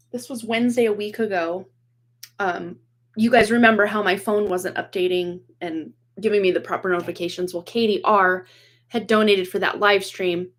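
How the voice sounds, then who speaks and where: A woman in her forties, a tarot reader hosting a livestream from home, chatting casually, rambling with many fillers and frequent laughs, her voice slightly hoarse from a cold. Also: mid-range voice, fairly bright tone. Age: 40s. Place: home room with dog toys and boxes behind. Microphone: computer webcam.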